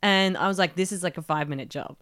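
A woman co-hosting a casual podcast chat, animated and telling stories with acted-out quotes. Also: lowish voice, fast talker, no room sound, clean studio sound. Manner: animated storyteller, acts out quotes. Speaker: podcast co-host.

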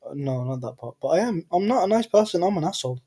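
A man from Britain co-hosting a podcast, teasing with deadpan wisecracks. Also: on the high side, fast. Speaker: podcast co-host. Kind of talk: casual podcast banter.

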